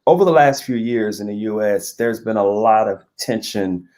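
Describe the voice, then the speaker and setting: A man's voice: fairly low pitch, normal speed, darkish tone. Interview guest, American man, candid and chatty, stumbles over his words. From United States. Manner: stammering restarts, candid and chatty. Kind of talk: casual interview chat.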